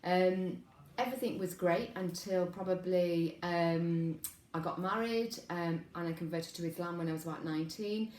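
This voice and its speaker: A middle-aged woman with a slight Welsh accent, a guest on an interview, speaking hesitantly with many pauses as she tells her story. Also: on the low side, a little mellow. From Wales. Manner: hesitant, many ums, reflective. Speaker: guest, counsellor. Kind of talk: conversational interview. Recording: echoey room, faint background noise.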